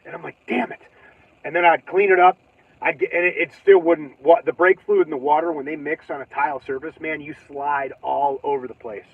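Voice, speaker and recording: A man with a fairly high voice tells a rambling, animated story, swearing and laughing as he acts out his own reactions. The sound is tinny and thin, like a phone call from inside a car. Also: brisk, no echo. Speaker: livestream host. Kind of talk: casual storytelling. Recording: tinny phone-like livestream audio.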